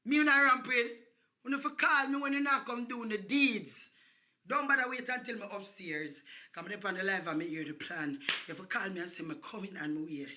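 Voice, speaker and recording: A Jamaican woman on a livestream, taunting and cursing loudly, often breaking into shouts. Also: mid-range voice, a little fast. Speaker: social media personality. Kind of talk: livestream rant.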